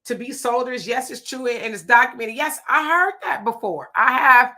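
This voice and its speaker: Bright, fairly high woman, casual livestream chat, laughing and playful. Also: normal speed. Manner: laughing, playful, reads viewer comments aloud. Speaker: livestream co-host reading chat.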